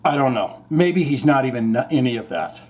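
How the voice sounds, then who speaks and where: Brisk and animated, this man's mid-range voice carries a slightly mellow quality. He hosts a podcast, wandering through the news with irreverent remarks and liberal swearing.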